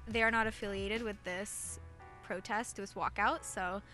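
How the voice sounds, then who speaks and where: Earnest teenage girl, bright voice. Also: mid-range voice, fairly even intonation, a little slow, soft background music. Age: teens. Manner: earnest, with filler uhs. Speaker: student walkout organizer. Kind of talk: interview answers.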